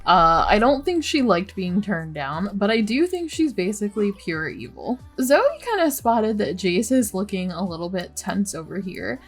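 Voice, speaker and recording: A young woman talks through her gameplay in a chatty, easygoing way, her pitch sitting mid-range. She giggles and groans along with the story. Soft game music plays faintly behind her. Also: lively intonation, moderate pace, few pauses, slightly rough. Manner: chatty, giggly, narrates drama with dismay. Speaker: let's play host. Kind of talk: casual gameplay commentary.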